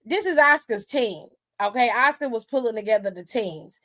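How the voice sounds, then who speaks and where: Woman, stream host, sassy, swears a lot, laughs often, slightly high voice. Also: lively intonation, fairly quick, fairly bright tone. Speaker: wrestling aftershow host. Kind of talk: casual commentary stream.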